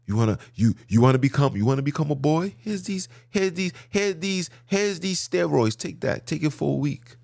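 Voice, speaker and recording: A man voicing a sly adult who coaxes a child in a low, hushed voice. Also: animated, moderate pace, creaky, hardly any pauses, no echo. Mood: coaxing. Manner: hushed, coaxing.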